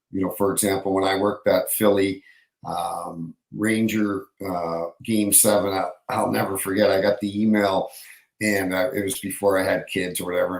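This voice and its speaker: With a deep voice, this man, once a hockey referee, rambles casually through anecdotes on a podcast, stopping to correct himself along the way. The poor recording carries a lot of reverb.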